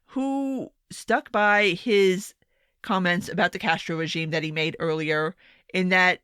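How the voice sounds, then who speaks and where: Sarcastic young woman commentator, bright voice, dry close sound, casual rant delivery. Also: fairly low pitch, animated, a little slow, clean tone, dry recording. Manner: sarcastic, swearing, exasperated asides. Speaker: political commentator. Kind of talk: casual opinion monologue.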